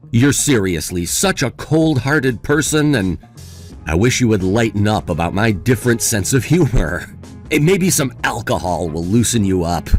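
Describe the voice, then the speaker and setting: A man plays a young man in a dramatized story, mocking and dismissive one moment, sympathetic the next. His voice moves around a lot in pitch. Light background music plays under the dialogue. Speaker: voice actor in a story video. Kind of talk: scripted voice acting.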